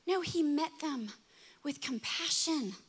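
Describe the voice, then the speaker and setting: A woman in her thirties preaching a sermon, telling stories with lively acted-out voices. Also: high voice, takes it slowly. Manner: animated storytelling, acting out voices in quotes. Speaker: pastor.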